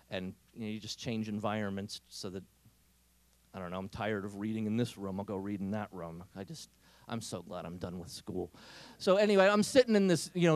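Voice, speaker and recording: Animated male speaker for teens, chatty and expressive, dry close recording. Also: medium pitch, no echo. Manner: animated storyteller who acts out quotes; conversational, with frequent fillers and restarts. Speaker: speaker at a youth event. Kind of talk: talk to teenagers.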